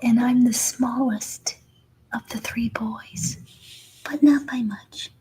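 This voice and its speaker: Whispered role-play of a calm, gentle little boy puppy, as a woman puts him on, in a slow, mellow hush. He speaks softly and contentedly about himself, easy and unfussed. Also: fairly high pitch.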